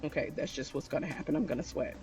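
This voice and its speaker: A woman's voice: sits low, fast, dark tone, faint music behind. A woman telling a personal story in a chatty storytime style, talking straight to her viewers. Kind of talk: casual storytime.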